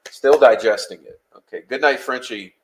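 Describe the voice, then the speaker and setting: A man hosting a live-stream talks straight to his chat in a blunt, heated way, swearing freely. His voice sits in an ordinary middle pitch, and his delivery is casual and conversational, with no polish. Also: moderate pace, background noise. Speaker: podcast host.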